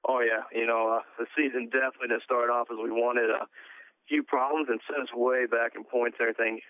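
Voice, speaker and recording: A man's voice: mid-range voice, fairly quick, dry recording. A man who races ATVs professionally, talking casually about his season in a phone interview, full of "uh" fillers. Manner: relaxed, plain-spoken, many "uh" fillers. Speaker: pro ATV motocross racer. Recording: tinny phone line.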